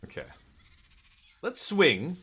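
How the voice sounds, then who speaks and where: A man streaming a card game live, chatting excitedly and joking with his chat as he plays. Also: sits high, slow pace, slightly rough.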